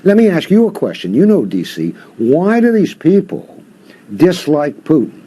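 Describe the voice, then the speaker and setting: A man's voice: fairly high pitch, huge pitch swings, moderate pace, mellow, slightly rough. An older man, a professor guest, giving impassioned interview commentary full of rhetorical questions.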